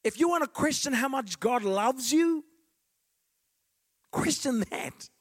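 A man preaches with real fervor, climbing to ringing declarations and then sinking to near-whispered asides. His voice sits high and swoops widely in pitch throughout. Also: lively intonation, slow. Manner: passionate, swinging from loud declarations to hushed asides. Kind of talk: sermon.

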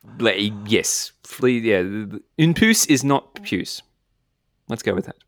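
A man's voice: on the low side, slow pace, no echo, clean studio sound. A man with an Australian accent, a philosopher guest chatting casually, rambling and self-deprecating with frequent laughs. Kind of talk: casual chat.

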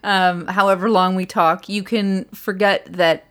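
Loud, swearing woman podcast co-host. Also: mid-range voice, steady tone, a little slow. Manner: loud, swears freely, rambling. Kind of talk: casual chat.

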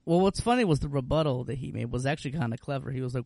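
A man co-hosting a comedy podcast, dropping deadpan crude one-liners in casual chat. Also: medium pitch, very fast, vocal fry, dry recording, clean studio sound. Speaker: podcast co-host.

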